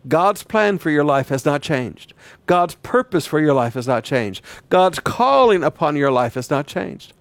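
Male pastor mid-sermon, fairly high voice, dry close sound, stammers and repeats as he presses a point. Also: no echo. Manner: repeats words, swings between loud declaring and quiet emphasis.

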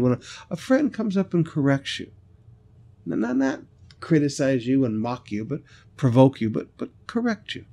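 A man preaching a sermon as a pastor, stressing and repeating lines, slowing down on scripture and telling stories in a conversational way. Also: mid-range voice, sing-song, vocal fry, dark tone. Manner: conversational storytelling asides.

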